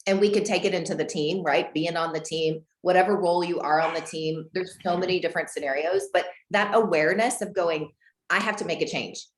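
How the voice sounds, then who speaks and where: A woman from Houston, Texas, coaching a group on a video call, animated and acting out dialogue with big pitch jumps. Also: brisk, slight background noise. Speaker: guest real estate coach. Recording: roomy echo.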